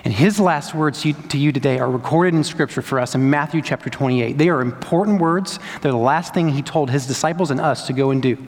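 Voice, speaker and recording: Man, young adult, preaching pastor, conversational sermon, high-ish voice, long church reverb. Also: fairly quick, few pauses. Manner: conversational storytelling preacher, lively asides.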